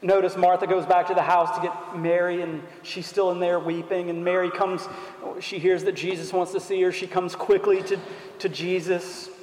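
A man preaching a sermon in an earnest, deliberate way, asking rhetorical questions. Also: high-pitched, flat delivery, a little mellow. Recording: echoey hall.

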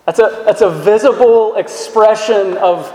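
A man's voice: sits high, a little slow, mellow. A man preaching a sermon as a pastor, earnest and emphatic, asking the listeners questions. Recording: echoey hall sound.

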